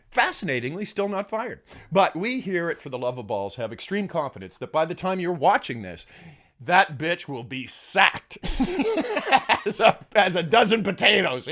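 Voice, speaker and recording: Male comedy host, slightly high voice, sarcastic and crude, laughs at his own gags. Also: a bit bright. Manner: crude, swears freely. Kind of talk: comedic sports monologue.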